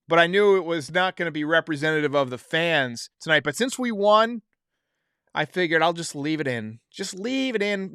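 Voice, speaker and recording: Man, podcast host, casual chat, reads comments aloud, high voice, dry room. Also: a bit bright, clear, resonant tone, dry recording. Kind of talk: casual live-stream talk.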